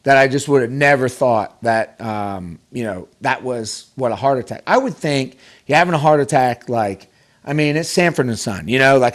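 A man tells a personal story as a podcast guest, his voice mid-pitched and lively. He restarts sentences often and acts out quoted voices. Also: moderate pace. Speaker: podcast guest, pro golfer. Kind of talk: casual storytelling.

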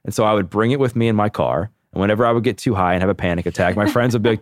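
A man in his thirties, a podcast guest, telling his own story candidly in a casual, animated way, full of "like". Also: on the low side, rapid-fire, hardly any pauses, no echo, studio quality. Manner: candid, animated, heavy use of "like".

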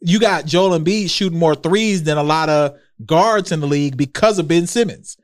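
A high-pitched Houston man co-hosts a podcast, joking loudly and cutting in. His delivery is animated and opinionated. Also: normal speed. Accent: Houston, Texas. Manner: joking, animated, talks over others. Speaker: podcast co-host. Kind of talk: casual chat. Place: podcast studio.

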